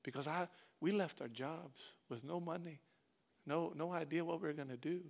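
A middle-aged male pastor preaching with a voice pitched a little high for a man. He tells stories softly at first, then rises into loud, animated exhortation and calls on the congregation to join in. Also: normal speed, creaky. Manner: builds from quiet storytelling to loud, animated preaching; calls on the congregation, uses "y'all". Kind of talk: sermon.

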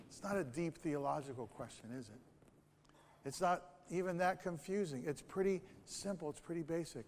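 Male pastor, high voice, easygoing preaching style; long reverb of a church sanctuary. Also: moderate pace, a little mellow. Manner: conversational preaching with rhetorical questions. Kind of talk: sermon.

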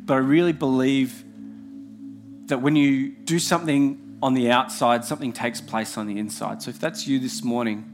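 A man's voice: medium pitch, fairly even intonation, normal speed, soft background music. Earnest preacher man. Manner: earnest, heartfelt preaching with repeated phrases. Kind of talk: sermon.

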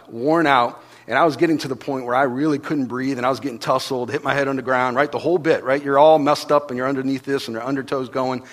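A man preaching a sermon as pastor, telling stories with animation and swinging between hushed and loud delivery. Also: mid-range voice. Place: church hall. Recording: long reverb of a large hall.

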